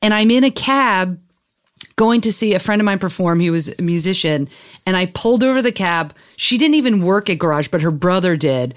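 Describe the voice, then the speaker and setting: A woman talking as a guest, telling a personal story in a chatty, animated way, with lots of "like" and "you know". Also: on the low side, a little fast. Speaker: podcast guest.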